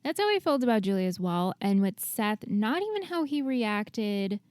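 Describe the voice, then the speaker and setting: A woman's voice: medium pitch, sing-song, normal speed, darkish tone, no echo. A woman co-hosting a podcast in casual chat, agreeable and chiming in with short replies. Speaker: podcast co-host.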